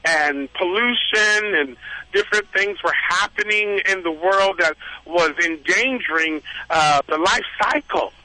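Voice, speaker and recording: A man, a reverend and animal communicator, telling animated stories as a radio guest over a phone line. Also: high voice, dry recording. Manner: animated storyteller, laughs often.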